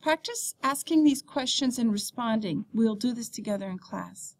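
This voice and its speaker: A woman teacher reading a beginner French textbook lesson aloud, saying the French words slowly and clearly. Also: on the high side, expressive.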